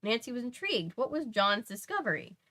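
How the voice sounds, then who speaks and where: A young woman reads a mystery novel aloud on a casual livestream, tossing in chatty asides and fixing her own slips along the way. Her voice is a little high and fairly bright, with a brisk, sing-song lilt.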